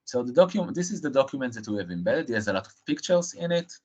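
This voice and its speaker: A man presenting a live technical software demo, halting and filling pauses with frequent uh and um. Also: medium pitch, very animated. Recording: dull lo-fi stream audio.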